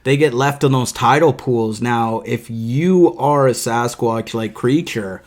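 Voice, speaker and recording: A man co-hosting a podcast, chatting casually and throwing in jokes and quick theories. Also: mid-range voice. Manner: joking, animated asides. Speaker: podcast co-host.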